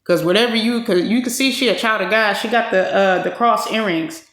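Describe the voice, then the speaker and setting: A woman giving casual commentary to her viewers in a loose, slangy way, full of fillers. Her voice sits in a middle pitch. The room around her adds a roomy echo. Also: brisk, a bit bright. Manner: slangy, talks straight to the viewer with lots of fillers.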